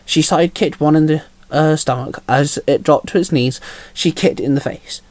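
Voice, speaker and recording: A man's voice: fairly high pitch, moderate pace, a little mellow, dry recording. A man narrating his own fanfiction in plain storytelling, with small slips. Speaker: narrator and author. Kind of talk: fanfiction read aloud.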